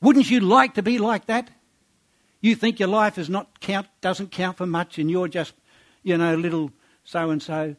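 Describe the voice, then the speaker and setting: High-voiced male preacher exhorting. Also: a little slow. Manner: exhorting, asks the congregation rhetorical questions. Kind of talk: sermon reading and expounding scripture.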